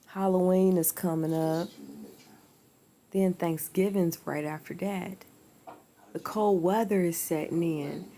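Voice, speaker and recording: A woman's voice: lowish voice, warm tone. A woman chatting casually at home on a livestream, rambling and laughing often. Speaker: livestream host.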